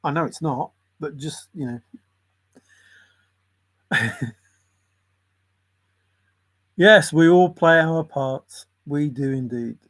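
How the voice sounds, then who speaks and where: A man's voice: a little high, very slow, long pauses. A man in a casual, rambling monologue, musing in a conspiratorial tone and often chuckling. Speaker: channel host.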